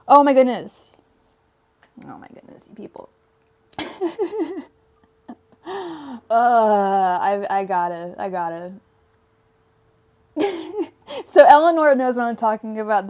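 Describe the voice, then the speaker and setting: A young woman with a light lilt hosts a tarot livestream. Her voice sits a touch high. She talks loosely to her viewers with frequent "um"s and giggles. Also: expressive, unhurried, a little mellow. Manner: chatty, giggly, lots of fillers. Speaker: tarot reader livestream host. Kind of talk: casual livestream chat.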